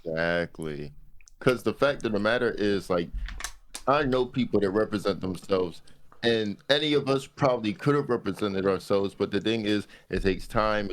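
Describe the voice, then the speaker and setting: Low-voiced male co-host, profane, jokey, emphatic. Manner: joking, profane, emphatic agreement. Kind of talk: casual podcast chat.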